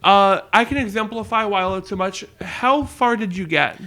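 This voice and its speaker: A man co-hosting a podcast in casual chat, eagerly pitching ideas and jumping between topics. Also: moderate pace, sharp tone. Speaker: podcast co-host.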